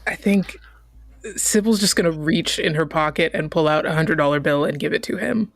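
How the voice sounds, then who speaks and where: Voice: medium pitch, normal speed, gravelly. A player at a tabletop game, easygoing and given to chuckling asides.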